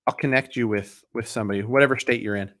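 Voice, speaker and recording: A man hosting a live mortgage Q&A stream, talking in a relaxed, chatty way with lots of fillers and restarts, sounding tired. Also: medium pitch, fast, no echo, studio quality. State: tired, yawning.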